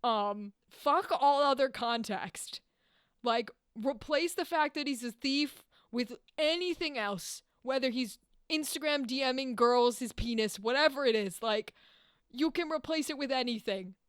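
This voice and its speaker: A young woman hosting a casual podcast, animated and swearing freely as she acts out lines in playful voices. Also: high-pitched, unhurried, smooth, no room sound, clean studio sound. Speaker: podcast host.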